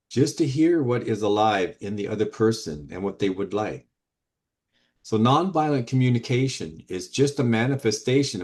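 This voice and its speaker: A man in a discussion group, speaking in a thoughtful, measured way as he shares his reflections. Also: on the low side, darkish tone. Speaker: group member reading a question.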